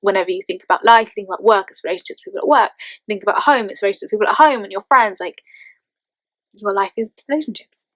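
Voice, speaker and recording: A young English woman chats through vlog tag questions in a playful, talkative way, laughing easily between answers. Her voice sits at an ordinary middle pitch. It is recorded close and dry, with no room sound. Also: rapid-fire, no echo. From England. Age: 20s. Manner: chatty, playful, laughs often. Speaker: vlogger.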